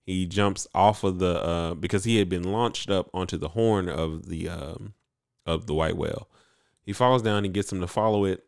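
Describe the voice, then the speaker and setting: Low-voiced guy rambling thru an anime recap, lots of likes and ums, dry close mic. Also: moderate pace, smooth, dry recording. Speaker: podcast co-host. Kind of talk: casual anime recap chat.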